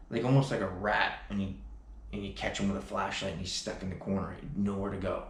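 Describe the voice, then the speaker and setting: Gravelly low-voiced man telling a story. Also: level tone, fairly quick. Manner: emphatic storytelling with frequent restarts and "like". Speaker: vlogger. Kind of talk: personal story vlog. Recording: echoey room, faint background noise.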